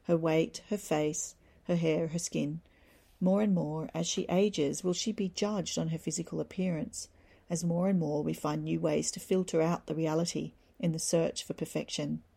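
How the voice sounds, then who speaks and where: Husky, low-voiced woman giving encouraging talk. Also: fairly even intonation, normal speed, dark tone. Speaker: podcast host. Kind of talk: reflective solo talk.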